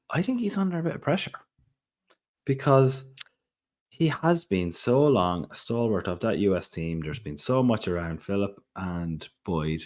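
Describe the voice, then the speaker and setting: A man co-hosting a podcast, rambling chattily with plenty of asides and fillers. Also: sits low. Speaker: podcast co-host. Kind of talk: casual chat.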